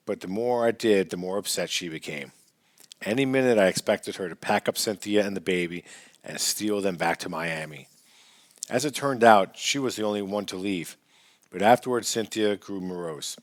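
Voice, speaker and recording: A man reads a first-person memoir aloud in a measured, earnest storytelling manner. His voice sits low, and he raises it for shouted lines. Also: dry recording, clean studio sound. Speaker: audiobook narrator.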